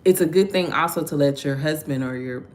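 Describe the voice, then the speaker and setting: A woman's voice: low-pitched, a little fast. A middle-aged woman hosting a casual devotional talk, earnest and conversational, reading viewer comments aloud. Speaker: devotional host.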